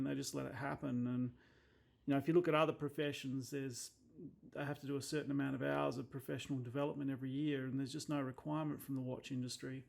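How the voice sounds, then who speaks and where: Working through a watch repair, a man with an Australian accent keeps up a casual running commentary in a mid-range voice with vocal fry. The watchmaker comes across as blunt and exasperated, swearing whenever something annoys him.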